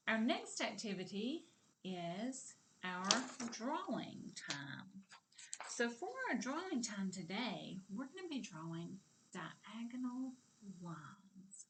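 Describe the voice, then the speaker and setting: Slow, bright-voiced kindergarten teacher woman. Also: medium pitch, big pitch swings, a little hiss or hum. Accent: Southern American. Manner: slow, drawn-out, encouraging, claps words aloud. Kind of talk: kindergarten video lesson.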